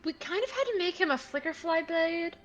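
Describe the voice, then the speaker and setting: A woman player chatting casually around a tabletop game, halting and giggly. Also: very high-pitched, animated, dull audio, over music. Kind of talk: casual chat.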